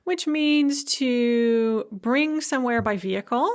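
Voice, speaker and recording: Woman lecturer explaining grammar patiently. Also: a little high. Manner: explains patiently, slowing down to pronounce example words; light humor. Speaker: Russian language lecturer.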